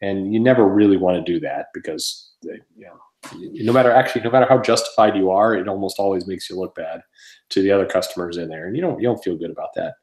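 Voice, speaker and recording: A man's voice: deep voice, fast talker, a little mellow, echoey room. A man who owns a comic shop, chatting casually and telling rambling stories with plenty of swearing and laughter. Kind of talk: casual podcast chat.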